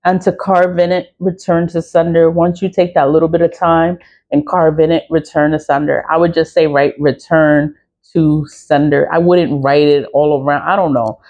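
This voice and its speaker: Dark-toned speaker, rambling and laughing. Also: mid-range voice, level tone, moderate pace, dull audio. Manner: rambling and repetitive, laughs often, swears freely. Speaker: spiritual practitioner and seller. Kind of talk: casual spoken monologue.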